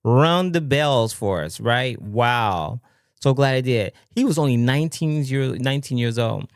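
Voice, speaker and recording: A man hosting a livestream, talking casually and haltingly with many fillers and frequent exclamations. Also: mid-range voice, lively intonation, clean tone, no room sound, clean studio sound. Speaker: livestream host.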